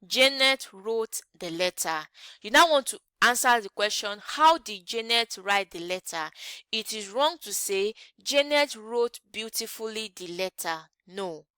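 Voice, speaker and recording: Bright, clear woman teaching grammar. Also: fairly high pitch, expressive, no echo. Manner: asks the class rhetorical "what?" questions and answers them; repeats example sentences slowly. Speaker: English teacher. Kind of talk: grammar lesson.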